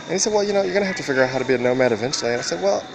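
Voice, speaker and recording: Riding a train and standing on a station platform, a man rambles through a casual, profane monologue and laughs often. His medium-pitched voice is expressive, very fast, and edged with vocal fry, set against noisy train ambience.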